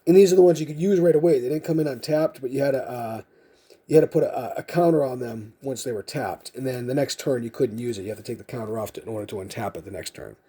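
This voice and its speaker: Sorting collectible cards on a casual vlog, a man talks fast in a mid-range, mellow voice that has a breathy edge. His unscripted commentary rambles as he thinks aloud and pokes fun at himself.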